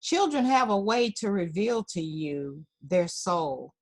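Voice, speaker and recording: A woman's voice: on the low side, sing-song, takes it slowly, a little mellow. Woman counselor giving emphatic advice. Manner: emphatic, teacherly, repeats key points. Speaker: family counselor, guest. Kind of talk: advice in an interview.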